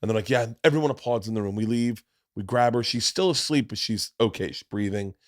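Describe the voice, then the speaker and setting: A middle-aged man hosting a podcast, telling a long story in a casual, profane way and swinging from loud to hushed. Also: lowish voice, fast, no room sound, studio quality. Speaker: podcast host.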